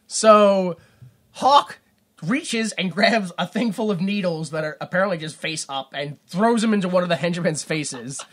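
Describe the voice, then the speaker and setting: A man's voice: sits high, measured pace, a bit bright. A man co-hosting a podcast, recapping a movie in a rambling, jokey way and breaking into silly voices. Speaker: podcast co-host.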